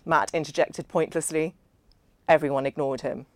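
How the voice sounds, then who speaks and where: A woman narrating a novel in the first person, measured and understated. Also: lowish voice, no room sound. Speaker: audiobook narrator.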